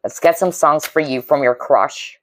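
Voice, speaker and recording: A woman's voice: sits low, moderate pace. A woman giving a pick-a-card tarot reading, talking earnestly and empathically to her viewers and often checking in with "okay?". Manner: earnest, intuitive, frequent "okay?" check-ins; emotionally moved, empathic. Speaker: tarot reader.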